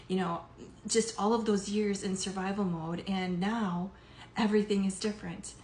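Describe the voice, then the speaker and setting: A woman's voice: mid-range voice, steady tone, moderate pace, a little mellow. A middle-aged woman, a life coach, talking casually to her audience with lots of fillers and some emotion. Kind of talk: casual monologue to camera. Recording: echoey room with faint background noise.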